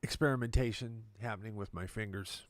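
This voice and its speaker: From his recording studio, a male musician and producer chats casually on a live stream, relaxed and explaining things as he goes. His voice sits on the low side and runs a little fast, and the recording is dry.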